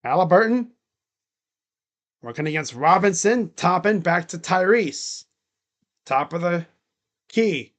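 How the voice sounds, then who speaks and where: High-voiced man calling a game live. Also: expressive, takes it slowly, long pauses, a bit bright. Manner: casual, rambling, heavy use of "like". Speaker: live reaction streamer. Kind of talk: live play-by-play reaction commentary.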